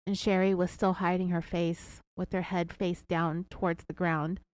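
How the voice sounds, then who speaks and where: A woman narrates a true crime case for her podcast in a measured, steady voice. She adds her own brief asides as she goes. She sits close to the mic in a dry, dead room with no echo. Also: on the low side. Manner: measured retelling with personal asides. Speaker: podcast host.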